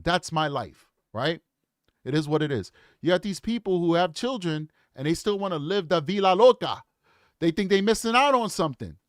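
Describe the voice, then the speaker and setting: A man's voice: high-pitched, no echo, clean studio sound. Plain-spoken man in his forties. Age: 40s. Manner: opinionated, talks straight to the audience. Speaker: true crime commentator. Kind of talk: casual commentary to viewers.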